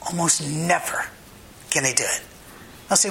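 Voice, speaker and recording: A man's voice: on the high side, normal speed, gravelly, pauses often, bright, forceful tone, slight background noise, low-quality recording. A man pastor delivering a sermon, mixing humorous anecdotes and asides with short, emphatic commands.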